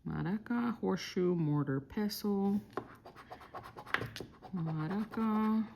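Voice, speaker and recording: A woman from Texas calmly murmuring through lottery scratch-off tickets, slowly listing each symbol as she checks. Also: mid-range voice, gravelly, a little hiss or hum. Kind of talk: calm scratch-off play-by-play.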